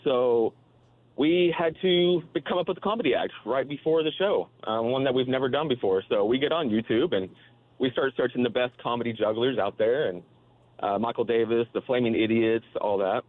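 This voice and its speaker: A laid-back man calls in and tells his story at an easy, casual pace. His mid-pitched voice comes through a tinny, narrow phone line. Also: normal speed. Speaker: caller. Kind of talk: telling a story on a radio call-in.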